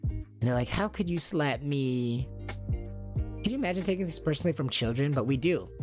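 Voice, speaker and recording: Stream host musing aloud with rhetorical questions. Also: medium pitch. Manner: rhetorical questions, acts out quoted parents and children. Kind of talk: casual monologue to stream viewers.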